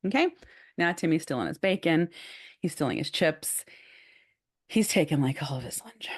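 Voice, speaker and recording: A woman co-hosting a podcast, telling a story in casual chat with lively, animated delivery and plenty of filler "like"s. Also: low voice, moderate pace, slightly rough. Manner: animated, acts out quotes, says "like" often. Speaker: podcast co-host.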